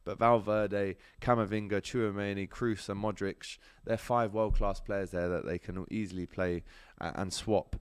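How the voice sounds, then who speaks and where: A man hosting a casual football transfer update in a smooth, lower-pitched voice. He is chatty and fills his talk with ums, speaking straight to viewers. The sound is close and dry. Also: fairly even intonation, moderate pace, dry recording. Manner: chatty, lots of ums, addresses viewers directly. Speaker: sports show host. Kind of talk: casual transfer news chat with viewer comments.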